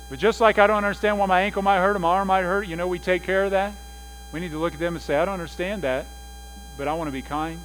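A middle-aged man preaching a sermon as pastor, telling family stories with lively put-on voices for humor. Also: high-pitched, fast talker, rough recording. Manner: animated storytelling, mimics voices for laughs. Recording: faint mains hum.

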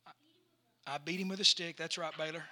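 A man, a pastor telling a story in a sermon that builds into loud preaching. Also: fairly high pitch, fairly even intonation, a little fast, a little hiss or hum.

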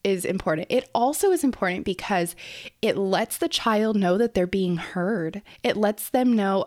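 A woman's voice: mid-range voice, expressive, moderate pace, a little mellow, no room sound, studio quality. A young woman hosting a casual educational podcast as a speech therapist, explaining in her early-morning voice with many fillers and restarts.

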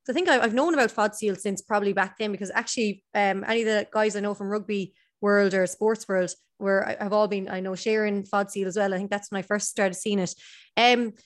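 A woman's voice: medium pitch, steady tone, fairly quick. A woman hosting an interview, chatty and enthusiastic in a casual conversation. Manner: chatty, enthusiastic, talks over. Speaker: podcast host.

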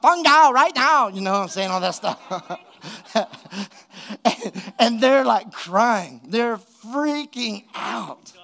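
A man, a pastor, preaching a sermon and telling a funny story in an animated way, laughing at his own jokes. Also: sits high. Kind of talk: sermon with a humorous personal story.

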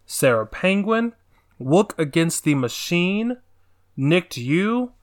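A young man hosting a podcast, talking slowly and thoughtfully in a casual chat. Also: sits high, big pitch swings. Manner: slow, thoughtful, drawn-out phrasing. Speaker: podcast host.

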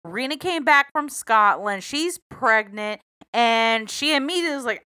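A woman's voice: a little high, expressive, normal speed, pushed and bright, clear, resonant tone, no echo. Woman, podcast co-host, giggly, wry, dry close recording. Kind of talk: casual true-crime podcast chat.

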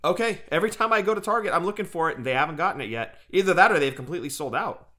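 A man co-hosting a casual podcast chat, jokey and quick to laugh. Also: fairly high pitch, expressive, a bit bright. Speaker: co-host.

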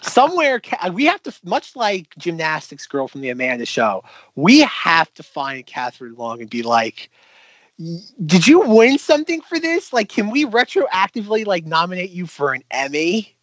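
A man's voice: a little high, very animated, normal speed, fairly bright tone, no echo, muffled recording. A man co-hosting a podcast in playful casual chat, swearing casually. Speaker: podcast co-host.

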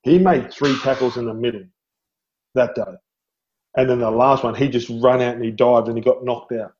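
A man's voice: medium pitch, normal speed, dull audio. A middle-aged Australian man, a former footballer guest, telling stories animatedly and laughing often. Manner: animated storyteller, laughs often, says "mate". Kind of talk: storytelling interview.

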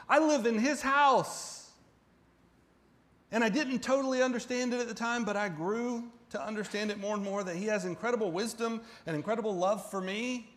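Male pastor, fairly high voice, preaching with direct questions and emphatic build-ups. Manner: emphatic, rising to near-shouting at peaks; conversational, with direct questions to the congregation. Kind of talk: sermon.

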